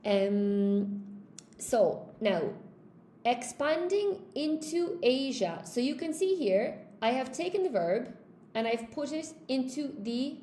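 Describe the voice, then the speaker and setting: A chatty woman with a Cork Irish accent teaches grammar live, checking in with her viewers as she goes. Her voice sits a little high. The sound is roomy and echoey, with a faint hiss underneath. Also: animated, slow, warm tone. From Ireland. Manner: chatty, checks in with "okay?" and greets viewers by name. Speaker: English teacher. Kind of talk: live-streamed grammar lesson.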